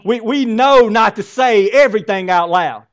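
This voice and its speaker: A man preaching a sermon as pastor, swinging from loud exclamations to hushed, drawn-out lines. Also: sits high.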